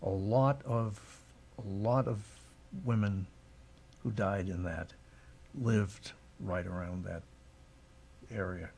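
Radio guest guy with a dark, husky voice, telling stories about his neighborhood. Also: lowish voice, fairly even intonation, slow pace, long pauses. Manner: reminiscing, anecdotal. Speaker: studio guest. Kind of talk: radio talk show conversation.

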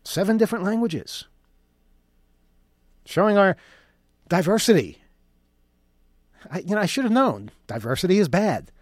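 A man's voice: high voice, big pitch swings, a little slow, long pauses, no room sound, studio quality. A man delivering an opinion monologue in a sarcastic, mocking tone. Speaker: commentator.

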